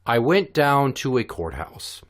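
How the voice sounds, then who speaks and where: A man hosting a casual podcast, telling stories in an animated, profane way. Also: medium pitch, measured pace. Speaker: podcast host.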